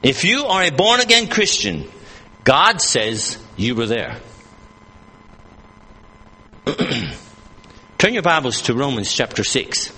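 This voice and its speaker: A man's voice: mid-range voice, sing-song, measured pace, sharp tone, husky, big-room sound. A man preaching a sermon at an evening church service, earnest and emphatic, repeating and rephrasing his points as he reads scripture aloud.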